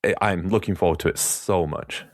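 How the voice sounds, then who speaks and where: A man with a Lancashire accent and a deep, low voice hosts a podcast with chatty enthusiasm. His voice is recorded dry and close, with no room sound. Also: moderate pace, no echo. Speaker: podcast host. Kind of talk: casual interview chat.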